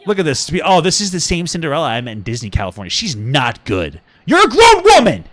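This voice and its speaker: Ranting man, swings from mutter to yell. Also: mid-range voice, very animated, fast, dry recording. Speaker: podcast co-host. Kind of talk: casual podcast chat.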